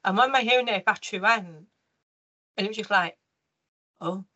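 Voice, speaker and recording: A woman from the United Kingdom, an interview guest telling her life story in a lively way, with many restarts and fillers. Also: medium pitch, fairly quick, lo-fi sound.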